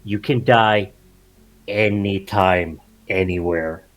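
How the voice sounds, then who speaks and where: A man's voice: lowish voice, fairly even intonation, slow. A man doing a scornful young street thug. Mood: menacing. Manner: contemptuous, threatening.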